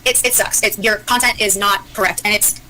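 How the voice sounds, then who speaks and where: A woman's voice: mid-range voice, fairly even intonation, a little fast, sharp tone, slight background noise, low-quality recording. A woman arguing defensively on a livestream, exasperated and filling gaps with "like" and "um". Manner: defensive, exasperated, lots of fillers. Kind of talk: heated livestream argument.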